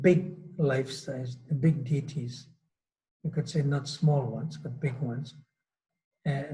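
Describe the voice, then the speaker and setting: Mellow-voiced man giving a relaxed sermon. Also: medium pitch, low-quality recording. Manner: loose, storytelling with many fillers and restarts. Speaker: swami giving a scripture class. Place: temple hall.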